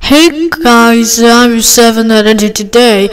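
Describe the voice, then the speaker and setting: A woman with a fairly high voice talks slowly through an improvised cartoon voice-over. She rambles and halts, then breaks into sudden loud outbursts. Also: clean tone, rough recording.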